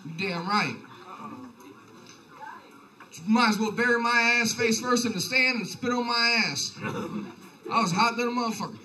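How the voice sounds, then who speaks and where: A man's voice: extremely high pitch, normal speed, pushed and bright, recorded from a distance, low-quality recording. A young man doing a rambling, profane stand-up set in a comedy bar. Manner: profane, loose, rambling delivery. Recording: live bar set with crowd laughter.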